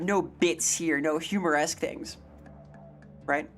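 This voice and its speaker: A woman's voice: sits low, lively intonation, normal speed, fairly bright tone, soft background music. A young woman streaming live, chatting casually in a playful, rambling, jokey way and reading chat aloud. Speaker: variety streamer.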